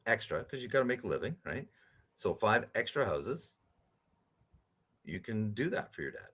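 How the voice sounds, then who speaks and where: A man, a podcast guest, telling animated stories and often asking "right?" as he talks. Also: lowish voice, moderate pace, long pauses, husky. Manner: animated storyteller, rhetorical "right?" tags. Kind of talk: storytelling interview talk.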